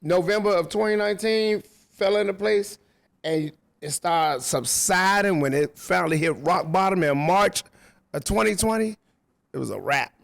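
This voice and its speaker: A man's voice: high-pitched, normal speed, vocal fry, no echo. A man who works as a radio DJ, talking casually in a loose, slangy storytelling way. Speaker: radio DJ guest. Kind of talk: casual chat. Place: rooftop venue.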